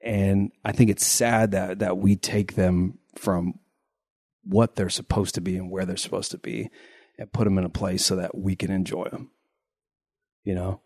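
A man's voice: deep voice, dark tone, no room sound, clean studio sound. A man co-hosting a podcast in casual chat, sounding a little congested and rambling, repeating words as he thinks. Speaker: podcast co-host.

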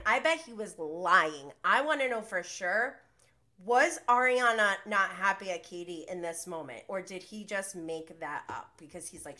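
A woman hosting a casual podcast, recapping a reality show in a gossipy, animated way and acting out quotes. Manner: animated, gossipy, acts out quotes with big pitch jumps, laughs often.

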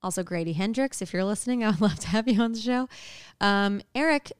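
A woman's voice: medium pitch, quick pace, clean tone, no room sound, studio quality. A woman hosting a podcast, chatting casually and enthusiastically with her husband as guest. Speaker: podcast host. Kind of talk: casual chat.

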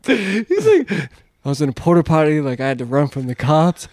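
A man's voice: on the high side, huge pitch swings, normal speed, a little mellow, no echo, clean studio sound. A man telling a rambling story in casual chat, swearing, laughing and acting out what people said. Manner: swearing, laughing, acts out quotes.

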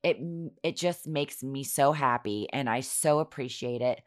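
Hoarse, giggly low-voiced woman. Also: unhurried. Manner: giggly, self-mocking, animated. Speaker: podcast host. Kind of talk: casual chatty storytelling.

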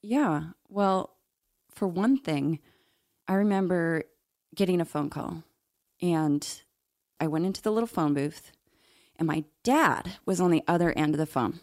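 A woman's voice: fairly low pitch, measured pace, long pauses, a little mellow, no echo, studio quality. A middle-aged woman, an interview guest, telling her personal story in a candid, reflective way with occasional laughs.

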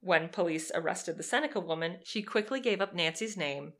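A young woman co-hosting a podcast, telling a true crime story in a lively, sarcastic way and swearing freely. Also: fairly low pitch, fairly quick. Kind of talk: casual storytelling chat.

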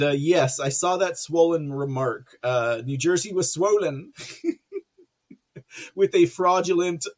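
Hosting a political livestream, a man with a slightly high voice chats casually, rambling through viewer comments. His talk is full of fillers and frequent laughter.

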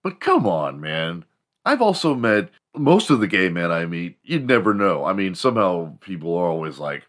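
A man's voice: low voice, big pitch swings, normal speed, fairly bright tone. A man from Houston hosting a podcast, talking in a crude, joking, rambling solo monologue. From Houston, Texas. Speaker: podcast host.

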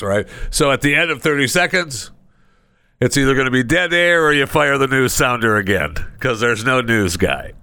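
A man's voice: medium pitch, pushed and bright, smooth, no echo. A man hosting a podcast, telling rambling stories in a loose, conversational way. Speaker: podcast host. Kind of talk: casual chat.

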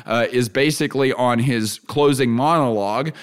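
A man hosting a solo podcast who teaches in an earnest way. He repeats his key phrases and keeps adding asides like "right?". He turns lively and laughs easily when he acts out examples. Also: mid-range voice, moderate pace. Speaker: podcast host.

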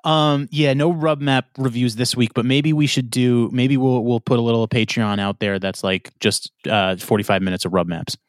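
A man's voice: medium pitch, fairly even intonation, moderate pace, hardly any pauses, no room sound, studio quality. A man hosting a podcast in casual chat, laid-back, filler-heavy and swearing. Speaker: podcast host.

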